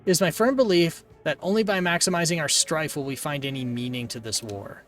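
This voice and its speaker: A man's voice: on the high side, a little fast, fairly bright tone, faint music behind, lightly acted. A man voicing a stern, formal woman who speaks in a stiff, serious way.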